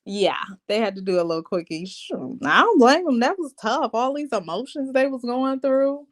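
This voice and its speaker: A woman casually recapping a reality TV episode, chatty and animated, with slangy asides to her viewers and frequent laughs. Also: a little high, normal speed.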